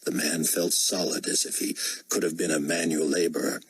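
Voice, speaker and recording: Deep-voiced male audiobook narrator. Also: a little hiss or hum, rough recording. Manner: measured, steady storytelling. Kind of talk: scripted narration.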